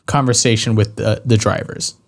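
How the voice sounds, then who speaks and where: Relaxed man chatting about a game. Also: fairly low pitch, normal speed. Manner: loose, conversational, frequent "like". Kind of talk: casual game discussion.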